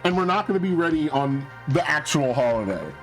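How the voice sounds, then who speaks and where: A man's voice: fairly high pitch, lively intonation, brisk, soft background music, rough recording. A male streamer in casual chat, ranting in an exasperated way with constant swearing.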